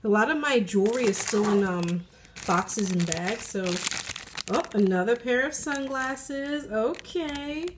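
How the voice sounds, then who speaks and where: A woman's voice: on the high side, measured pace, background noise. A woman unboxing jewelry in a casual vlog, gushing and thankful, at home in her apartment. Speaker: jewelry vlogger. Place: apartment with a train passing outside. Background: faint passing train.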